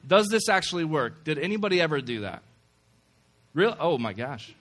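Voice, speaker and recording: A man's voice: a little high, very animated, moderate pace, a bit bright. A man giving a casual, joking sermon to a campus group after an opening prayer. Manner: conversational and joking, self-deprecating asides. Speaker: campus ministry speaker.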